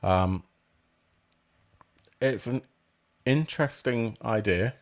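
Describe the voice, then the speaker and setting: A man's voice: medium pitch, slow. A man hosting a casual stream about tabletop games, rambling and self-deprecating, with plenty of ums and apologies as he reads. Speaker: host reviewing crowdfunding games. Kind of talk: casual live-stream commentary.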